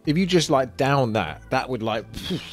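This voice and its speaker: A man's voice: mid-range voice, expressive, moderate pace, loud music behind the voice. A man with an Essex accent tasting sweets and chatting casually and enthusiastically, with frequent laughs. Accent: Essex English. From Essex, England.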